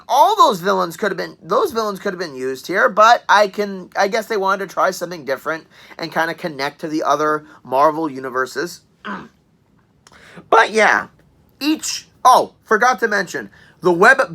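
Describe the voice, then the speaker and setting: Bright-voiced young woman reviewing games. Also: mid-range voice, sing-song, normal speed. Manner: chatty, enthusiastic, joking asides; clears throat often. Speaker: game reviewer. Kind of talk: casual spoken review.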